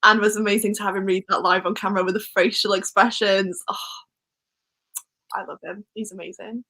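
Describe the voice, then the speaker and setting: A woman's voice: fairly high pitch, pushed and bright, low-quality recording. A young woman with a Welsh accent hosting a casual book livestream, giggling and chatting as she reads out viewer comments. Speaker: book channel host.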